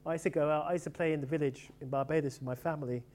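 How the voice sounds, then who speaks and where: A middle-aged man raised in England talks quickly and warmly animated about the players he loved. His speech runs along at a brisk clip with fond asides. A faint hum sits underneath the recording. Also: a little high. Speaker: author reflecting on cricket. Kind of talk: casual reminiscing talk.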